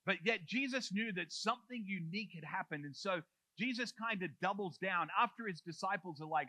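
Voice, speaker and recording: A man's voice: sits high, fairly quick, few pauses, pushed and bright, no room sound, rough recording. A male pastor preaching a conversational sermon in church, often saying "like" and retelling the story in his own words.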